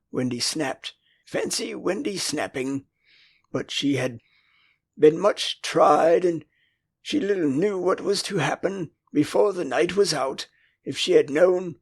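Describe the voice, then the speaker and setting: An older English man reading an audiobook in a lively, expressive storytelling style. His voice sits fairly high and swoops freely, with a gravelly, husky grain. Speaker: audiobook narrator. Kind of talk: audiobook narration.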